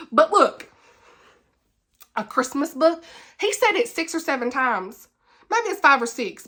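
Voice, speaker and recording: A woman hosting a casual book wrap-up vlog. She talks in an animated, ranting way, laughs often, and chats on with many fillers and repeated words. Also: high voice. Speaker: book reviewer, channel host.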